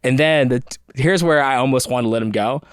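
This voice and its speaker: A man guest on a podcast, telling a story in an animated, quick way and laughing often. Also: mid-range voice, clear, resonant tone, no echo, studio quality. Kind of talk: casual storytelling chat.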